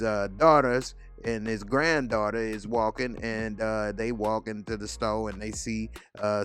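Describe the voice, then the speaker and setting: A man's voice: lowish voice, a bit bright, clean tone. A man hosting a TV review, casually retelling an episode in a loose, slangy storytelling manner. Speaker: TV review host.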